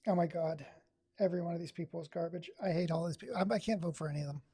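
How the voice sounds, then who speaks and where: Gravelly, husky streamer man. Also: a little high, rapid-fire, warm tone. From Oregon, USA. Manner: sarcastic, exasperated running commentary. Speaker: livestream host. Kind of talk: casual live-stream commentary.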